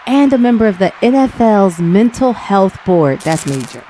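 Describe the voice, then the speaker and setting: A woman's voice: mid-range voice, big pitch swings, normal speed, mellow. A woman co-hosts a talk show and reads the guest's introduction in an upbeat, inviting tone. Faint noise runs under her voice. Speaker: co-host.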